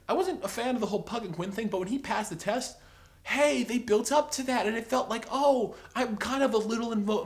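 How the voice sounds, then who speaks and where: A man giving an opinionated, rambling TV review, exasperated and sarcastic, full of filler words. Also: sits high. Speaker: TV episode reviewer.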